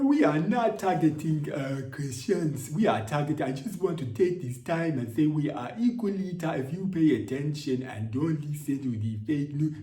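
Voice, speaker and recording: A man's voice: fairly high pitch, mellow, pitched above the performer's own voice, natural voice. A man voicing a defensive male Nigerian government spokesman with a put-on Nigerian accent, evasive and rambling, saying "eh, eh.". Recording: roomy, distant from mic.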